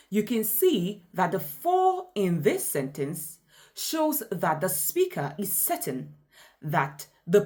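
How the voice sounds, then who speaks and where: Slow, lively-pitched woman pronunciation coach. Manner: slow, deliberate, exaggerated example readings. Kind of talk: scripted pronunciation lesson.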